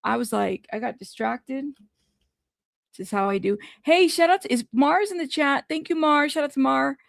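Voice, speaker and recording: A high-pitched woman with a heavily gravelly, fry-laden voice hosts a casual livestream, rattling off shout-outs to viewers by name. The sound is dry and close, with no room around her. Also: no echo. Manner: chatty, greets viewers by name in quick bursts. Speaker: livestream news commentary host. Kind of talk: casual live-stream chat.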